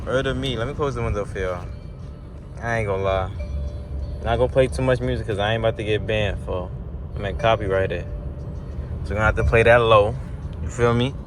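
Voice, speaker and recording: A young man vlogs from a moving car, his voice low-ish and a little fast with frequent pauses, music playing behind him. Using lots of slang, he talks straight to viewers on a car-mounted camera and gets loud and excited whenever he accelerates. Faint road noise is audible inside the car.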